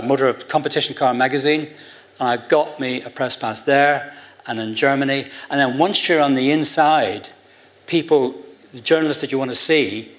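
An older Irishman telling a story to a room, lively and amused, slipping into other people's voices as he quotes them. His pitch sits in an ordinary middle range for a man. His telling is relaxed and full of chuckles. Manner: animated, acts out quoted voices with a laugh in his voice. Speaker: interview guest. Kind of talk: anecdotal storytelling before an audience.

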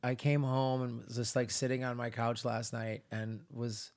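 A man's voice: medium pitch, moderate pace. A tired man co-hosting a podcast, chatting casually and laughing as he tells stories with voiced asides. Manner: laughs often, animated storytelling with voiced asides. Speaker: podcast co-host. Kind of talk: casual chat.

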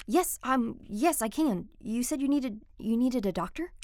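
A woman playing an excitable, teasing teenage boy in an audio drama, talking quickly and joking. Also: a little high, a little hiss or hum. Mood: excited. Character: teenage boy radio tinkerer, eager and teasing.

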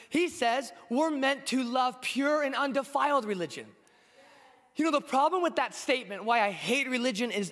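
Hoarse male preacher in his 20s, high-pitched, casual and earnest pulpit delivery, echoing church hall. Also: fairly bright tone. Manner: conversational, earnest, with frequent fillers. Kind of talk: sermon.

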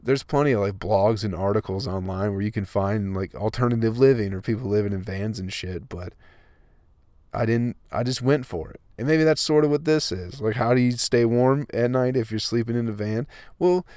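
A man's voice: fairly low pitch, normal speed, a little mellow, no echo. A young man, a comedian and host, talking in a casual comedic monologue, swearing freely, ranting and laughing at his own jokes.

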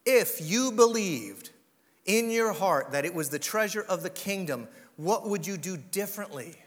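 Casting: male pastor, high bright voice, sermon in a long-echo hall. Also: lively intonation, a little slow. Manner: dramatic, drops to a hush for emphasis.

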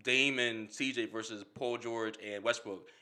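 A man's voice: mid-range voice, fairly even intonation, a little slow, pushed and bright. A man in a casual sports debate who talks animatedly, laughs often and repeats himself.

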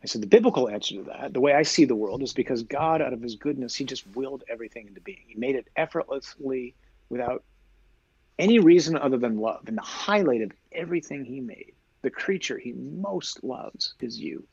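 A man who is a priest, explaining his faith in a lively conversational way, full of rhetorical questions. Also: mid-range voice, a little fast, gravelly, breathy edge, no room sound, lo-fi sound. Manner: animated storyteller, rhetorical questions. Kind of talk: conversational teaching.

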